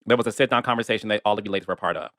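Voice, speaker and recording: A man's voice: fairly low pitch, rapid-fire, no echo, studio quality. A man interviewing a guest, candid and openly emotional, casual in his speech. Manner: warm-hearted, candid, emotional. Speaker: interviewer, producer. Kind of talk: interview chat.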